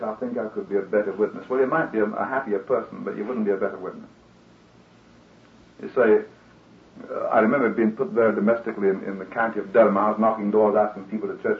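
A male preacher giving a sermon in an earnest, conversational way, now and then acting out the voices of the people he quotes. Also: on the low side. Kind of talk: radio sermon. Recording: roomy, tinny old radio broadcast.

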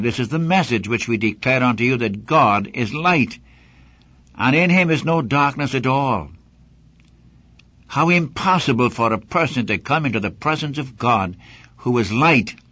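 A man's voice: mid-range voice, a bit bright, no echo. A man teaching a sermon-style Bible lesson in an earnest, emphatic way, speaking directly to the listener. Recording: dull dry old broadcast recording.

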